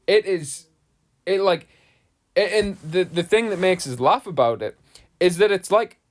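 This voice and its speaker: A man's voice: high voice, unhurried. A man, preaching casually to camera as an online Bible teacher, rambling and conversational. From England. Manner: rambling, conversational, heavy use of "like" and "you know".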